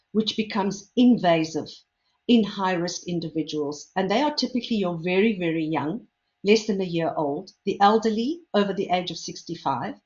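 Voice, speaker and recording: A woman's voice: lowish voice, a little mellow. Woman lecturing, dull audio. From South Africa. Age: older. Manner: measured, explanatory, stresses key words. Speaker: food safety expert giving a webinar talk. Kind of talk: lecture presentation.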